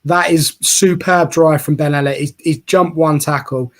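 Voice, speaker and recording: A man giving casual, excitable live commentary on a football match as a co-host, chatty and quick to cheer and tease. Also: a little high. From England.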